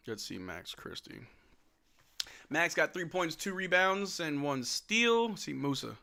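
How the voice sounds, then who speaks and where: A man hosting a casual live watch-along of a game, calling the play-by-play, reading chat questions aloud and answering them, with loud excited outbursts at big plays. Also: high voice, clear, resonant tone. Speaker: livestream host doing play-by-play.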